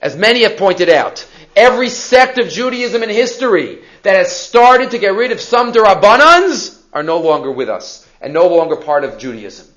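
A man gives a Torah class in a high, lively voice, acting out the sons' questions and mixing in Hebrew terms. The recording sounds dull and lo-fi. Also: normal speed. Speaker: rabbi teaching a Haggadah class.

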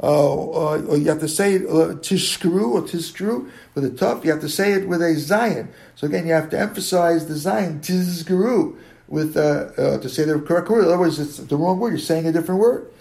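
A man teaching a daily Talmud class. He talks in a halting way, circles back to rephrase, and slowly sounds out words to show how they should be pronounced. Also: on the high side, gravelly, darkish tone.

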